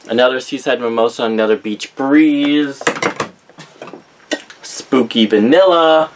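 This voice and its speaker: Background noise accompanies a young man's gravelly, medium-pitched voice as he shows his candle collection in a vlog. He chats casually and rambles, reading names off a list and correcting himself frequently.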